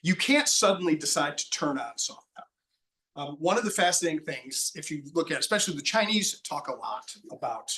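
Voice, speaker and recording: A male panel moderator talks in a loose, rambling way, restarting his sentences often. His voice is bright and a little high. He is picked up from a distance in a hall. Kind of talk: casual panel discussion.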